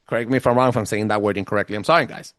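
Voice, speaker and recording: A man's voice: fairly low pitch, steady tone, racing, fairly bright tone, no room sound, clean studio sound. A man with a thick accent, casually presenting ideas on a podcast, emphatic, stumbling and restarting as he goes. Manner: says he has a thick accent. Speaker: podcast host giving a presentation.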